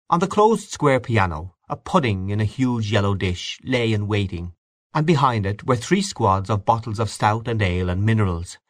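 A man reading a literary story aloud in a measured, expressive way. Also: lowish voice, dry recording, studio quality. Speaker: audiobook narrator. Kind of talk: scripted literary narration.

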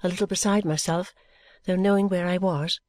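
A woman reading a novel in first person, in a measured, gentle way. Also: on the low side, fairly even intonation. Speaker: audiobook narrator. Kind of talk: first-person audiobook narration.

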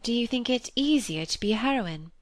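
A woman reading a classic novel aloud, voicing an earnest, gentle, truthful young girl who speaks gravely and simply. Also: fairly high pitch, lively intonation, fairly quick, no echo, pitched above the performer's own voice, lightly acted.

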